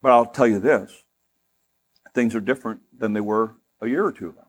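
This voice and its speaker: Conversational male pastor preaching. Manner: conversational preaching with humorous asides and rising emphasis; softer, slower and lower in prayer. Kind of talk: sermon.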